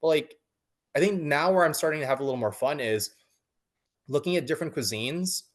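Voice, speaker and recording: A man's voice: fairly high pitch, brisk. A man in his thirties, a coaching client, talking casually in an interview with many fillers and restarts.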